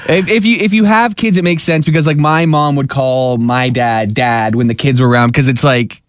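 A man's voice: mid-range voice, steady tone, moderate pace, dry recording. A man co-hosting a radio show, laughing and sounding awkward in casual banter. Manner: laughing, awkward, easily uncomfortable. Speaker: radio co-host.

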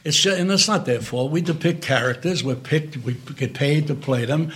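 An older man with a New York accent, telling stories in an interview, animated and swearing freely. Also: on the high side, moderate pace, husky. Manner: animated storyteller, swears freely, acts out quotes. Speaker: guest, actor. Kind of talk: casual storytelling interview. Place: club room.

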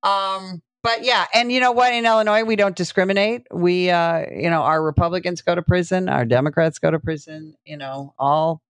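A middle-aged woman, a police sergeant telling stories as an interview guest, animated and full of fillers. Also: lowish voice, normal speed, few pauses, no echo. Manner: animated storyteller, many fillers, acts out quotes. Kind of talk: casual storytelling interview.

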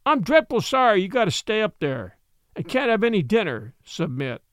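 A man's voice: high-pitched, sing-song, normal speed, fairly bright tone, no echo, studio quality, pitched above the performer's own voice. A man voicing a little girl who wails and sobs as she speaks. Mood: tearful. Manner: wailing, tearful. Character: sobbing little neighbor girl.

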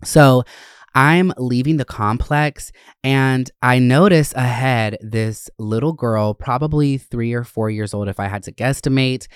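A young adult man hosting a podcast, telling a story in a casual, animated and dramatic way with plenty of swearing. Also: mid-range voice, a little slow, smooth, no room sound, studio quality. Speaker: podcast host.

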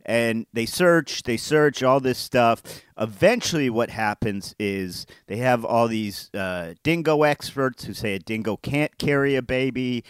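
Podcast guy, deadpan jokes, casual storytelling, dry close mic, mid voice. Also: medium pitch, measured pace, few pauses, smooth, dry recording. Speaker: podcast co-host. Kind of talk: casual chat.

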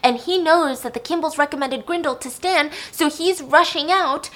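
A woman recapping a film in a chatty, animated way, swearing now and then. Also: high voice, normal speed.

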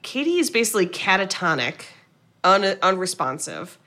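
In a relaxed movie-recap conversation, a female podcast co-host retells the plot energetically, quoting characters and swearing now and again. She has a mid-range voice and speaks at a normal speed.

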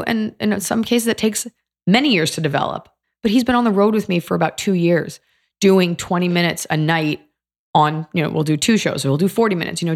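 A woman comedian in her thirties chatting on a podcast, blunt and animated, swearing freely as she tells stories. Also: lowish voice. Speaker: comedian guest. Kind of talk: casual podcast chat.

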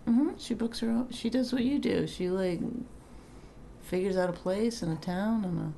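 A woman comedian co-hosting a podcast, chatting casually and telling profane, animated stories. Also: mid-range voice, moderate pace, creaky, slight background noise. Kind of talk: casual chat.

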